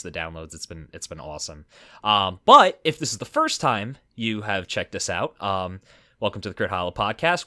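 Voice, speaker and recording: A man's voice: lowish voice, dry recording. A young man hosting a casual podcast, talking with lots of fillers and restarts. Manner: animated, many fillers and restarts. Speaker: podcast host.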